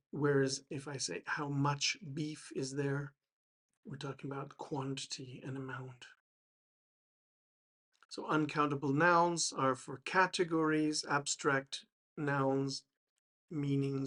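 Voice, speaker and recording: A man explaining English grammar to learners, slow and hesitant, with many fillers and restarts. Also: fairly high pitch, fairly bright tone. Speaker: English teacher.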